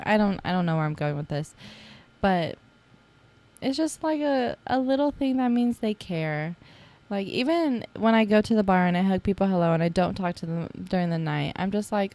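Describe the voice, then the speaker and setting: A woman's voice: medium pitch, animated, a little slow, darkish tone. A young adult woman hosting a casual solo podcast, talking in a chatty, playful way with teasing asides and lots of fillers. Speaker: podcast host.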